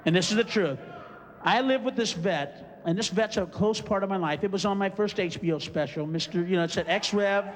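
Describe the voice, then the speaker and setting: A man's voice: high voice, brisk, long reverb tail. A male stand-up comedian ranting and screaming through a routine on a club stage, acting out scenes. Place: club stage before a live audience. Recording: live show with loud crowd and noise.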